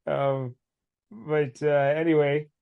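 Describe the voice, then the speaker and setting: A man with a slightly higher voice talks through an old comic's plot in a loose, casual way. He laughs often and drops into quick mock voices for the characters as he goes. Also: little pitch movement, gravelly, clean tone, narrow, tinny audio. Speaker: podcast co-host. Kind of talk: casual comic book recap.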